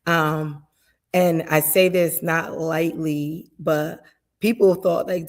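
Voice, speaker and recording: A woman in her thirties speaks with quiet earnestness, her voice sitting on the lower side. When she retells a heated moment she becomes lively and animated. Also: takes it slowly. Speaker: guest defense attorney. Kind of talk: emotional personal conversation.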